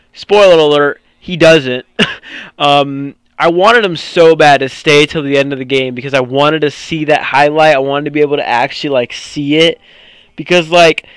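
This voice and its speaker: Excitable young man with a high voice. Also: smooth, no room sound. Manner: excitable, ranting, frustrated. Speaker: gaming commentator. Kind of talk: gameplay commentary.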